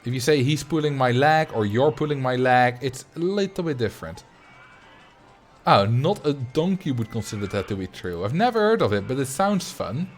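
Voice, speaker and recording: A man with a Dutch accent chatting casually while he livestreams a game, rambling and thinking out loud at a desk mic. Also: mid-range voice, lively intonation, normal speed, faint music behind. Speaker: streamer.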